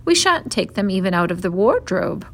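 A woman's voice: medium pitch, big pitch swings, moderate pace, fairly bright tone. A woman reading aloud from a storybook and voicing a sensible, practical older schoolgirl in a prim, well-spoken manner.

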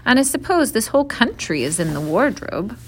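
A woman's voice: on the high side, sing-song, brisk, a little hiss or hum. A woman doing a hearty, bossy eldest boy. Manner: hearty, old-fashioned exclamations. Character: eager, bossy eldest schoolboy.

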